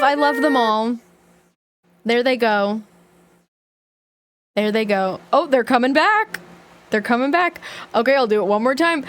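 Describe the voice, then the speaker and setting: A woman's voice: high voice, expressive, unhurried, long pauses. A young woman streaming live, chatting casually, giggling and greeting viewers by name. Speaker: livestreamer.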